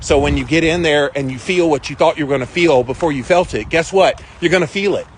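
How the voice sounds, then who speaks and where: A man's voice: on the high side, quick pace. A middle-aged man hosting a casual live stream outdoors, greeting viewers by name and chatting about his ice bath routine. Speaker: host. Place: outdoors on a windy day. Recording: wind noise on the mic.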